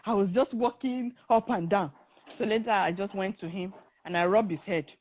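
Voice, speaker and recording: A middle-aged woman, a podcast guest telling stories in lively casual chat. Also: mid-range voice, normal speed, breathy edge. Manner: lively storyteller who acts out quotes.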